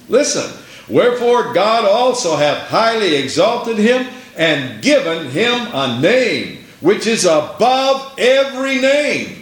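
Preacher guy, high voice that swings all over, echoey room, emphatic sermon. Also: a bit bright. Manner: emphatic, rhetorical questions, reads scripture aloud.

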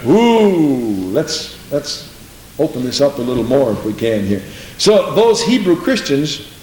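A man preaching a sermon, animated, swinging from low asides to high exclamations. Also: far from the mic. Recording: roomy echo.

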